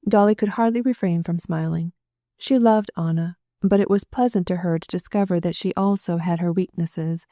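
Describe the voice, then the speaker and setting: Close-miked with no room sound, a woman with a lowish voice narrates a classic novel audiobook in a steady, even, measured way.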